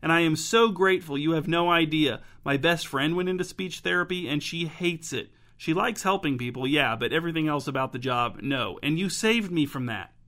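A man doing a gushing, excitable young woman. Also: fairly high pitch, normal speed, few pauses. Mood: excited. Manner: gushing, breathless rush of words.

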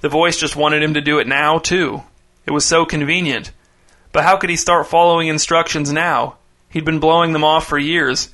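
A man narrating a short story in a measured, deadpan reading. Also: a little high.

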